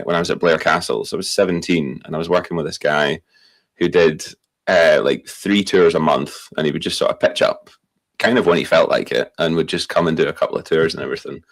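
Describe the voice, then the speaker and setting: A young Scottish man telling long rambling anecdotes in a casual podcast chat. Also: very deep voice. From Scotland. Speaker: tour company owner.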